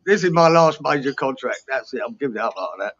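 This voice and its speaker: A man's voice: medium pitch, expressive, quick pace, fairly bright tone. A tired middle-aged man with a Cockney accent, chatting casually and bluntly with plenty of swearing. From London. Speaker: guest. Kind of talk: casual chat. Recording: dull lo-fi sound with faint noise.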